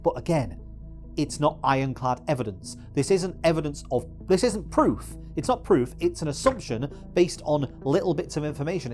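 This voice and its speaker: A man's voice: fairly high pitch, a little mellow. A man giving exasperated, swearing video essay commentary as a YouTuber.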